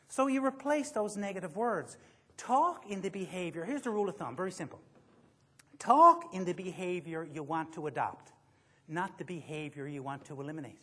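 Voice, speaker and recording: At a motivational seminar, a man addresses a room full of people in a husky, slightly rough voice that sits high and fairly bright. He speaks at a normal pace with lively intonation, joking as he goes and quizzing the audience to pull them into the talk.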